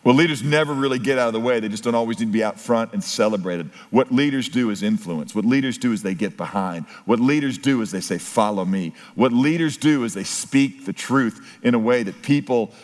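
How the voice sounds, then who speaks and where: A man's voice: mid-range voice, brisk, hardly any pauses. A middle-aged man preaching a sermon as pastor, building emphasis and breaking into story asides. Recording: long hall reverb.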